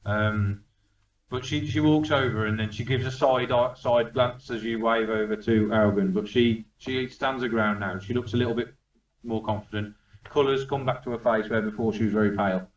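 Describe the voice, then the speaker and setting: A man's voice: on the low side, fairly even intonation, normal speed, lo-fi sound. A man narrating as dungeon master, rambling with many fillers and restarts. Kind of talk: narrating a tabletop game. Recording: echoey room, distant mic.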